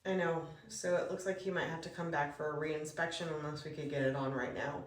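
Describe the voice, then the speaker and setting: A woman plays out a string of work phone calls for a comic skit. She keeps a brisk, polite, businesslike tone, and her fairly low voice sits back from the mic in a roomy space. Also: far from the mic. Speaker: real estate broker. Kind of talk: comedic reenactment of phone calls.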